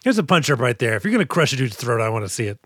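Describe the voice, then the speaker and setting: A man's voice: medium pitch, very animated, very fast, fairly bright tone, slightly rough, no echo, clean studio sound. A man co-hosting a podcast, recapping a movie with wry sarcasm and casual swearing. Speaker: podcast co-host. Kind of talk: casual movie-review chat.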